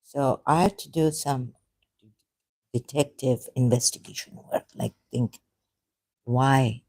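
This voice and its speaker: A woman on a live stream, thinking aloud in a halting, hesitant way and correcting herself as she goes. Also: very deep voice, darkish tone, no echo.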